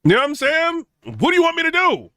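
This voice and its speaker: A young tech channel host tells a lively story in a high, bright voice, quickly and casually, full of fillers and repeated "right?" and "you know?" He mimics other people's words in a raised, mocking pitch, and the sound is dry and close with no echo.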